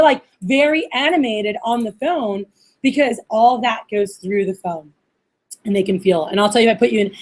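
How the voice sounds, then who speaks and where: A woman with a fairly high voice leads a training session for a room of trainees. She talks in an animated, hands-on way, acting out little phone calls and often checking that everyone is following. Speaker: workshop trainer. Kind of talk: live training talk.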